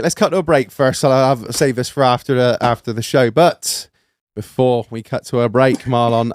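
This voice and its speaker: A man telling an embarrassing story on a podcast in a sweary, laughing, animated way. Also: medium pitch, no echo. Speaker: podcast co-host. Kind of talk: casual storytelling chat.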